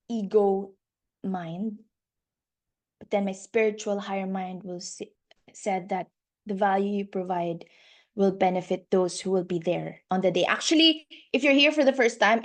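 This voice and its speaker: A woman life coach hosting a workshop on a video call, effusive and gushing, laughing often and repeating her words. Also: medium pitch.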